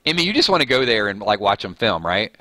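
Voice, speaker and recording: A chatty man with a Southern US drawl hosts a relaxed live stream, reading out viewer comments and poking fun at himself. His voice is bright and forward, recorded close and dry with no room sound. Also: on the low side, fast talker, dry recording. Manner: chatty, reads viewer comments aloud, joking and self-mocking. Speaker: live chat host. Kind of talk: casual live-stream chat.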